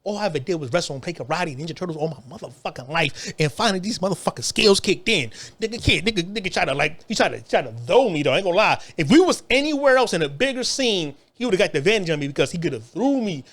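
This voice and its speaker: A man in his thirties telling a story in a casual, profane way, animated and full of repeats and restarts. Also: high voice, fast talker, hardly any pauses.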